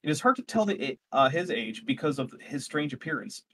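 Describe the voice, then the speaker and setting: A man running a tabletop role-playing game, narrating scenes and rules in a relaxed, rambling way, often correcting himself. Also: fairly high pitch, brisk, slight background noise. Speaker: game master.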